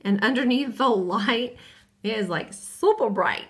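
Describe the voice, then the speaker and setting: A woman's voice: on the high side, measured pace, fairly bright tone. Bubbly woman chatting about nails. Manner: bubbly, chatty, exclaims over colors. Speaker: nail hobbyist vlogger. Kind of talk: casual chat while unboxing and swatching.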